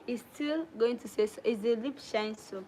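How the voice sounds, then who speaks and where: Chatting casually with her livestream viewers, a young woman mixes Krio phrases into her English, her high-pitched voice carrying a Sierra Leonean Krio-tinged accent. She talks at normal speed in a dark tone. The recording is rough, with slight background noise.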